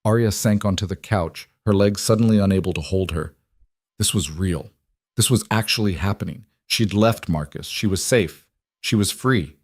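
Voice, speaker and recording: A man with a low voice narrates a scripted story in an even, measured way. The sound is dry and close, with no room around it. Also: no echo.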